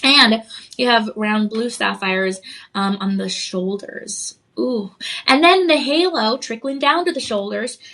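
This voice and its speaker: Woman, TV shopping host; high, bright voice; gushing, chatty sales pitch with giggles. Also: measured pace. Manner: enthusiastic, gushing, frequent laughs and ums. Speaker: shopping channel jewelry host. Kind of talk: live on-air sales pitch. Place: TV studio.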